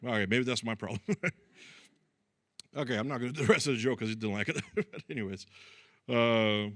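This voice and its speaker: A man's voice: mid-range voice, brisk, no echo, studio quality. Self-mocking male stand-up comic. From Brazil. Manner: chatty, self-deprecating, acts out quoted voices. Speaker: stand-up comedian. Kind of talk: stand-up comedy set.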